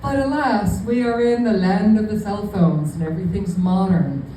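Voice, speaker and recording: A woman's voice: medium pitch, normal speed, dark tone, a little hiss or hum. A woman in her fifties from New York City telling a rambling, self-deprecating stand-up story to a live audience. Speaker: comedian. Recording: echoey venue, mic far off.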